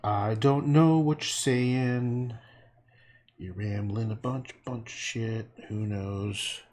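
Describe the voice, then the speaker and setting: A man's voice: on the low side, slow pace, a little mellow, a little hiss or hum. A man painting on a livestream, rambling, joking and swearing as he talks to his chat.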